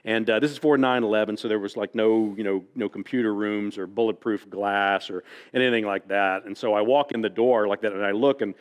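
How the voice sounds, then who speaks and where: Speaking smoothly and briskly with few pauses, an American author in a fairly low voice tells folksy tales to a library audience. "Like that" asides crop up often, and the hall's long reverb trails his words.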